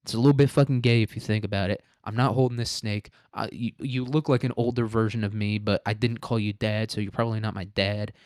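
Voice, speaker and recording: A man's voice: fairly low pitch, fairly even intonation, fast talker, few pauses, darkish tone, no echo, studio quality, natural voice. A man voicing a blunt, irritated young Puritan man who swears and brushes people off. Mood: annoyed. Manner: gruff, swearing, dismissive.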